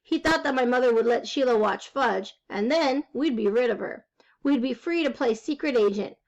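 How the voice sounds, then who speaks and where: High-voiced woman reading a storybook. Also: normal speed, highs cut off. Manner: lively first-person telling, wry. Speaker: reader. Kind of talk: storybook read-aloud.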